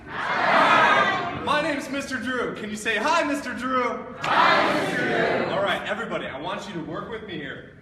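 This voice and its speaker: A man animatedly leading children through a pretend hike as a recruiting pitch. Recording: echoey hall with long reverb, distant mic, noise.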